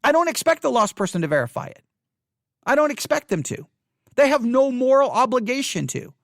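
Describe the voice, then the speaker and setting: A man's voice: very high voice, sing-song, brisk, a bit bright, no room sound, studio quality. Earnest man pleading. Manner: earnest and pleading, with emphatic repeated phrases. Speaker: podcast host. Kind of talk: impassioned commentary. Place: home studio in Texas.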